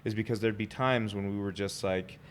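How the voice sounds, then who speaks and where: A man's voice: on the low side, fairly even intonation, fairly quick. A man in his forties co-hosting a podcast from a studio, talking casually with lots of "like" fillers and poking fun at himself. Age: 40s. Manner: rambling, self-deprecating, many "like" fillers. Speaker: podcast co-host. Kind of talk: casual chat.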